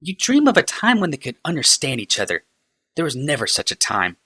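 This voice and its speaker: A man reading a novel aloud, voicing a sharp-tongued, uneasy woman who is quick to snap. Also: on the high side, wildly swooping pitch, voice pushed up, heavily acted. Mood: bitter.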